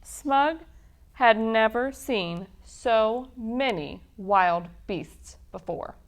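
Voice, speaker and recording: A woman reading a children's picture book aloud at a library storytime, in an expressive storytelling manner. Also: on the high side, extremely slow.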